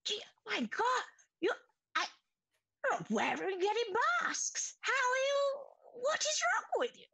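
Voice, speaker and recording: A woman's voice: very high voice, sing-song, slow, pushed and bright, dry recording, pitched above the performer's own voice, exaggerated voice. A woman voicing an eager, fussy masked male alchemist trader who keeps repeating himself. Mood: astonished.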